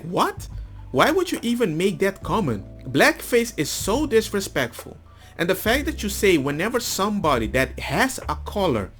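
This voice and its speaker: A man's voice: sits high, fairly bright tone. A man hosting a commentary video, arguing his opinions and acting out quoted conversations. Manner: argumentative, acts out quoted dialogue.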